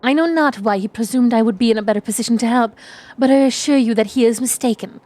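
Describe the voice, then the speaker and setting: A woman reading aloud as a formal, low-ranking knight who speaks in stiff, old-fashioned phrases. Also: fast talker, a little mellow, no room sound, lightly acted. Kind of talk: reading game dialogue aloud.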